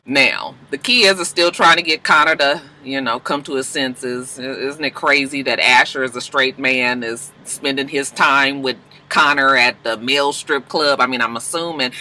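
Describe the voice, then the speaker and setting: A man's voice: a little high, moderate pace, pushed and bright, low-quality recording. A man recapping TV episodes in a sassy, gossipy, dramatic casual chat. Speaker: TV recap vlogger.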